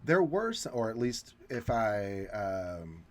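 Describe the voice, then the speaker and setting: A man with a fairly low voice talks through a film in a relaxed discussion. He explains characters' reasoning step by step, pausing on ums now and then. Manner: analytical, breaks down motives and points out scripting.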